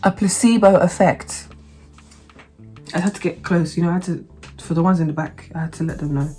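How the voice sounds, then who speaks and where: A woman telling a story to camera in a blunt, sarcastic, expressive way. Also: deep voice, rapid-fire, faint music behind. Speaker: vlogger. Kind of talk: animated storytime monologue.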